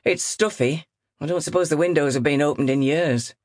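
A woman narrator voicing a brisk, offhand male estate agent in an audiobook. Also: low voice, darkish tone, dry recording, studio quality, natural voice. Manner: brisk and breezy. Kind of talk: audiobook character reading.

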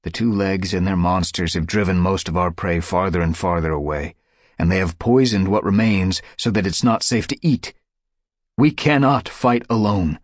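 Guy reading a stern tomcat clan leader, growly and firm, deep husky voice. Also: normal speed, dry recording, studio quality. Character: male cat clan leader, burdened and stern.

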